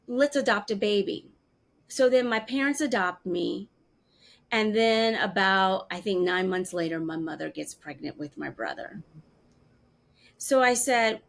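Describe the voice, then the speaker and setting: A woman in her fifties tells a personal story as an interview guest, at a middle pitch. She talks in an animated way, jumping up in pitch to act out the voices of people she quotes. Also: measured pace, creaky.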